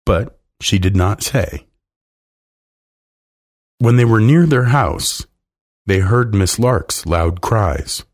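A man reading a children's story aloud in a slow, deliberate, expressive way. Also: sits low. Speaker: narrator.

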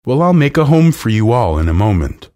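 A man's voice: mid-range voice, sing-song, brisk, mellow, voice pushed up, natural voice. Figure: sleepy male panda. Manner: drowsy, fond. Performer: a man. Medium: storybook.

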